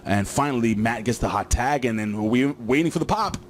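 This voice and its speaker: A man's voice: mid-range voice, lively intonation, fairly quick, slight background noise. A man casually recapping a wrestling show, rambling with lots of fillers and joking asides.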